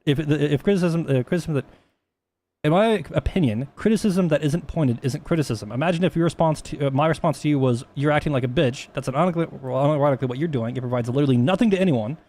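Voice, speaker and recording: A man's voice: fairly high pitch, fast, dark tone. A man talking casually on a stream, rambling with many restarts and plenty of swearing.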